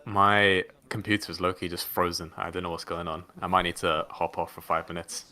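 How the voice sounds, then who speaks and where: A man's voice: low voice, level tone, brisk, sharp tone. A man co-hosting a casual watch-along stream over a call, talking in an easygoing, offhand way. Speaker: livestream co-host.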